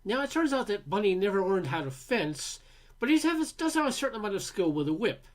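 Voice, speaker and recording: A man from Canada narrates a film review in a relaxed, wry tone. His pitch moves in a lively way, and he drops in casual fillers as he goes. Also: brisk. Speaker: film critic.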